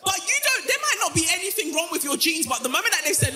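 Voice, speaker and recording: A woman's voice: extremely high pitch, fast talker, over music. A woman from South London with a London accent, hosting a live podcast show on a club stage and acting out the lines she quotes. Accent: London English. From South London, England. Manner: animated storyteller, acts out quoted lines. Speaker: podcast host.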